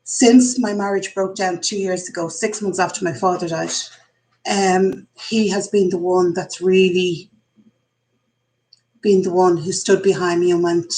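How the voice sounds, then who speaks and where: Speaking at a measured pace in a lowish voice, this Irish woman in her forties chats candidly and thinks aloud during a casual live stream from her home kitchen. She uses a computer mic, so the audio is poor, with slight background noise.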